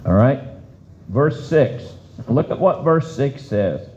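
A male pastor delivering a sermon at an unhurried pace, his pitch swinging widely as he tells the story. The voice is mellow and soft-edged. It comes through a dull, lo-fi recording. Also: slight background noise. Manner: animated storytelling, voice swooping up for emphasis.

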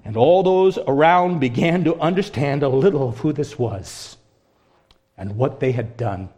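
A man's voice: medium pitch, a little slow. Earnest male preacher, passionate swings. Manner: earnest, rising to loud impassioned peaks then dropping to hushed prayer. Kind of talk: sermon.

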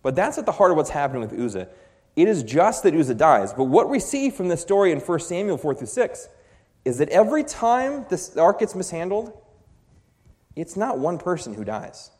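A man delivers a sermon with passion, his voice leaping from soft and low to loud and high. His pitch moves a great deal as he presses each point. The sound carries a long reverb from a large hall. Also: very animated, moderate pace. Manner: impassioned, swings from quiet to loud emphasis. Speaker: preacher.

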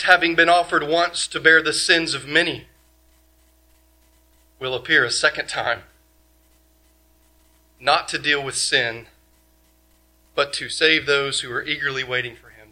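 A male pastor preaching a sermon, emphatic, asking many rhetorical questions and swinging from loud to quiet. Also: fairly high pitch, fairly even intonation, a little slow, long pauses.

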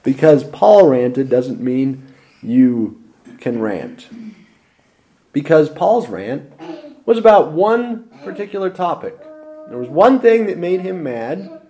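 A man preaching a lively expository sermon with dramatic emphasis. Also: on the high side.

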